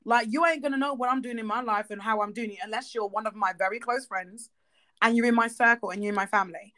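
Blunt, animated woman chatting casually. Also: on the high side, fast talker. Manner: emphatic, blunt, swears freely; animated, acts out quoted voices. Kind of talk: casual chat.

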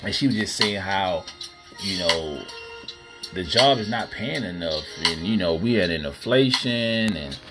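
A man hosts a podcast with a casual, profane solo rant, addressing listeners as y'all. His voice is deep, animated, and unhurried, with music playing in the background.

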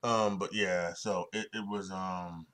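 A man's voice: low-pitched, fairly even intonation, slow pace, a bit bright. A young man hosting a solo sports podcast, talking in a rambling way with many restarts and fillers and frequent chuckles. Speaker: podcast host.

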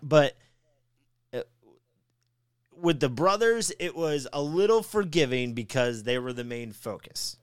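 A man's voice: on the high side, unhurried, pauses often, smooth, no echo, studio quality. A man co-hosting a podcast, ranting with lots of swearing in casual chat. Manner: profane, ranting, animated. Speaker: podcast co-host.

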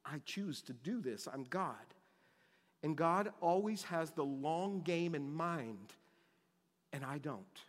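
A man preaching a sermon as pastor, impassioned, swinging between loud emphasis and hushed lows, repeating words as he goes. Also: big-room sound. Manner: repeats words and restarts phrases.

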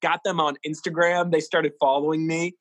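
A young man casually telling a personal story as an interview guest, in an animated way and with lots of "like". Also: on the high side, moderate pace, no room sound, poor audio. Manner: animated, fills speech with "like".

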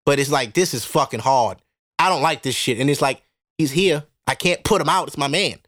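A man's voice: on the high side, a little fast, fairly bright tone, no room sound, studio quality. A man hosting a casual solo podcast, talking bluntly and profanely to his listeners and laughing often. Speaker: podcast host.

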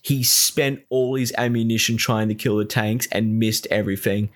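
A man's voice: on the low side, fairly even intonation, moderate pace. A man co-hosting a casual chat, telling a rambling, exasperated story full of swearing.

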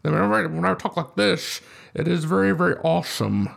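A man doing an impression of a suave older Scottish actor playing a film spy, in a slow drawl. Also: a little high, big pitch swings, gravelly, heavily acted. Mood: smooth.

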